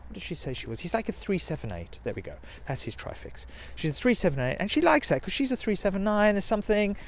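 A man's voice: high-pitched, sing-song, fast talker. A man, telling a rambling personal story in a sweary, self-mocking way. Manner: sweary, self-mocking, digressive, with quoted put-on voices.

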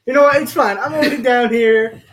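A man's voice: very high voice, brisk. A man co-hosting a casual podcast from a bedroom, giggly and teasing. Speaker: podcast co-host. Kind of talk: casual chat.

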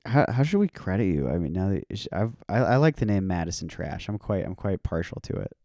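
A man with a low, mellow voice hosts a casual podcast. He swears freely and laughs a lot as he jokes around. The sound is dry and close. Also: sing-song, brisk, no echo. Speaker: podcast host. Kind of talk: casual chat.

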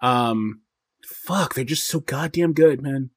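A man's voice: medium pitch, slow pace, husky, no room sound. A man talking as a podcast guest in casual chat, rambling with many fillers and restarts.

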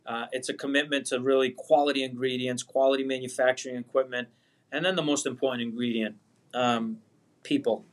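A man's voice: mid-range voice, fairly even intonation, a little fast. A man in his forties with a Boston accent, a guest on a podcast speaking over a video call, earnest, heartfelt and rambling. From Boston area, USA. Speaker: pasta manufacturer, guest. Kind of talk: casual interview chat.

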